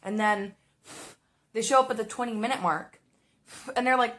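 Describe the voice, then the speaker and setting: A young woman casually telling a story about her restaurant job while doing makeup, animated and swearing, slipping into exaggerated voices for the people she quotes. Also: on the high side, normal speed.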